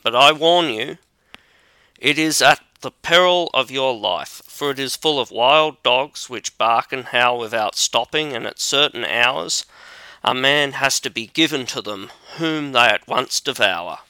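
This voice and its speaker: A man's voice: mid-range voice, unhurried, pushed and bright, smooth, dry recording, poor audio. A man reading aloud voices a castle lord giving a grave warning.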